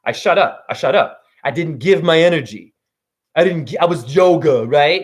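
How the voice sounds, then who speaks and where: Casting note: man in his forties, high voice with wide swings, livestream spiritual monologue, profane. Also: animated, normal speed. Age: 40s. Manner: swings from low preaching to high shouts, swears. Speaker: spiritual teacher.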